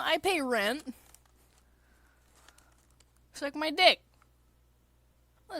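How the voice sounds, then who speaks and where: A woman's voice: mid-range voice, a bit bright, no room sound. Congested woman rambling and swearing casually. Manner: crude, swears often, rambling with fillers. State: congested, mucusy throat. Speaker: streamer. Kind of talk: casual rambling stream chat. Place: basement apartment.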